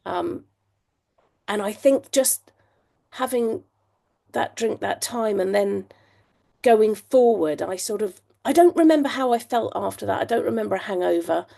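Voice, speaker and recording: A woman's voice: mid-range voice, expressive, measured pace, gravelly, warm tone. A woman in her fifties from England, telling her own story as a podcast guest in a chatty way, with frequent ums and restarts. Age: 50s. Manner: chatty, laughs often, many ums and restarts. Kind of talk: candid storytelling.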